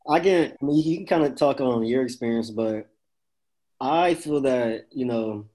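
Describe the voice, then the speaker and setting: A man's voice: mid-range voice, normal speed, dark tone. A man talking casually in a group discussion, rambling with restarts and slang.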